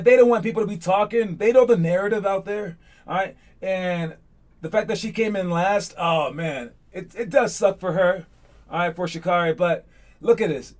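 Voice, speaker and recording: A man coaching basketball students, talking in a chatty, energetic and motivational way and checking in with "all right?". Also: sits high. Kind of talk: casual motivational talk to students.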